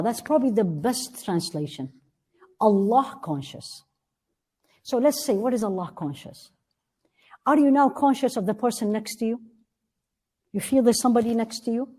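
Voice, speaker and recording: Woman giving a religious class, mellow voice, earnest, asks the room questions. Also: fairly high pitch, breathy edge. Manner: recites Arabic verses quickly. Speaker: religious teacher.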